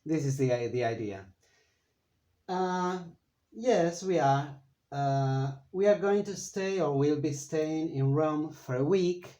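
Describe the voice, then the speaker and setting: Man, Argentine accent, Spanish teacher, slow and patient, fairly high voice, frequent fillers. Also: warm tone. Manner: unhurried, explains step by step with many fillers. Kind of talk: slow bilingual language lesson.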